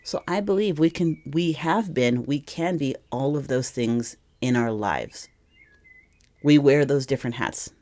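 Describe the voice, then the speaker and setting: A woman's voice: very deep voice, animated, measured pace, darkish tone. A woman giving a casual tarot reading to camera, rambling and emotional, often correcting herself mid-sentence. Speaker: tarot reader.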